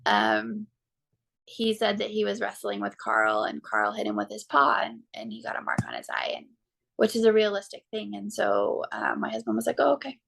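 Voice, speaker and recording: A woman in her thirties or forties, a podcast guest and mother, telling a personal story in a halting way with frequent ums and restarts. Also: mid-range voice, wildly swooping pitch, vocal fry, a bit bright. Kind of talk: personal story told in an interview.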